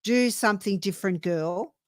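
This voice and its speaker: A woman co-hosting a live stream and giving tarot readings, gentle and soothing in manner. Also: mid-range voice, dry recording, clean studio sound. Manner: gentle and soothing, drawn-out when reading cards. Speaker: tarot reader and co-host.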